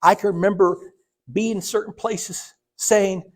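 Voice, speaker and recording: A church elder preaches a sermon in the sanctuary, telling a personal story and acting out its dialogue with sudden swings in pitch and volume. His voice is fairly even in intonation and a little slow.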